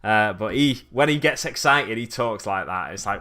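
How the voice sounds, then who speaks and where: Chatty bright-voiced streamer. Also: male voice, lowish voice, animated, moderate pace. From Oxfordshire, England. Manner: chatty and rambling, laughs often, answers viewer chat. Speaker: hobby streamer. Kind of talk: casual live-stream chat while painting miniatures.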